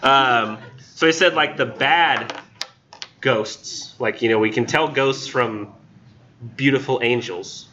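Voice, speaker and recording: A man's voice: medium pitch, slow pace, bright, forceful tone, highs cut off, a little hiss or hum. A man teaching a college literature class, reading poems aloud and joking casually about them. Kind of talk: recorded classroom lecture.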